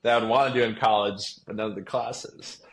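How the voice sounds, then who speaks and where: A man's voice: fairly low pitch, fairly even intonation, fairly quick. A young man, a baseball player, talking casually in an interview, rambling with lots of fillers and restarts. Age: young adult. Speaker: guest, pro baseball player.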